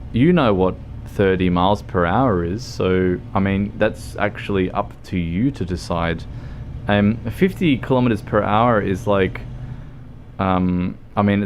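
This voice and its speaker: A man's voice: low-pitched, a little slow, slight background noise. An Australian man chatting casually as a livestreamer over gameplay, rambling and joking with plenty of swearing. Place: home streaming setup.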